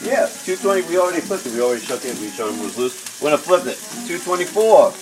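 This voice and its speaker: A man hosting a casual live cooking show at home, joking and shouting catchphrases. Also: fairly high pitch, sing-song, racing, background noise. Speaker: home cook host. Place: home kitchen with pan sizzling.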